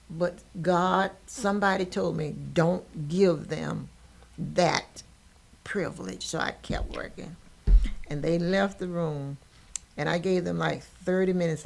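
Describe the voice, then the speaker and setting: A woman's voice: lowish voice, vocal fry. Older woman telling an emotional story. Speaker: podcast host. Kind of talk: personal storytelling in conversation.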